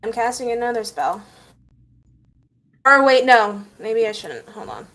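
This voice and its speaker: Slow, high-voiced hesitant player woman. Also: lively intonation, fairly bright tone, rough recording. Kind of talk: tabletop game banter.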